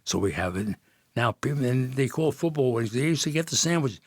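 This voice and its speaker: Old guy from jersey city telling stories, kinda husky, lots of restarts, dry mic. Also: mid-range voice, animated, fairly quick, no echo. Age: older. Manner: rambling, laughing storyteller with many restarts. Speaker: podcast guest. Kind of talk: storytelling in casual chat.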